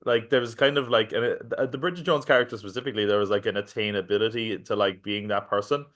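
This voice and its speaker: A man's voice: lowish voice, steady tone, fast talker, a bit bright. A man co-hosting a podcast in casual chat, rambling and joking. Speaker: podcast co-host.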